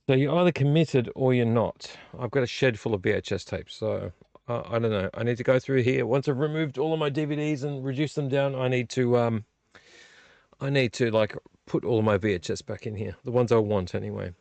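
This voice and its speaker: A man's voice: mid-range voice, brisk, gravelly, a little mellow, no echo. A man hosting a casual late-night live vlog, rambling about his tape collection with many fillers. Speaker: vlog host. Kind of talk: casual live chat unboxing VHS tapes. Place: small home room.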